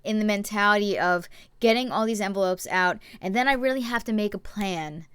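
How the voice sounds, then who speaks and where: A woman's voice: medium pitch, a little fast, a bit bright, clear, resonant tone, dry recording. A young woman hosting a casual live-stream show from a cluttered room at home, rambling and chatty with lots of fillers and restarts.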